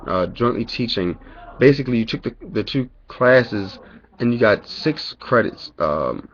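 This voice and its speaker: A man's voice: on the low side, lo-fi sound. A young man telling a long, angry story about college in a casual vlog, swearing a lot and rambling with fillers. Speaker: college student vlogger.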